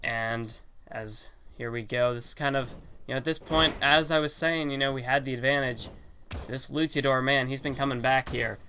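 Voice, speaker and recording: A young gaming channel host's bright, forceful voice stays mid-range and steady at normal speed, with slight background noise and game music. He rambles casually about a wrestling video game, correcting himself and using many fillers.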